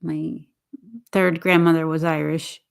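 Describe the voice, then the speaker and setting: A woman's voice: deep voice, little pitch movement, a little slow, vocal fry, clear, resonant tone. A woman from Boston talking in a casual, earnest and rambling way, often restarting her sentences. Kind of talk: casual spoken reflection.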